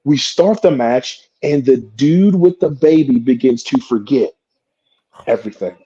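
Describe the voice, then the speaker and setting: A husky, mellow-voiced man who talks fairly high and swings his pitch around, telling a story. He swears freely and acts out what people said. The sound is dull and lo-fi. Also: measured pace. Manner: profane, animated, acts out quotes. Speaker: wrestler guest. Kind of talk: animated storytelling.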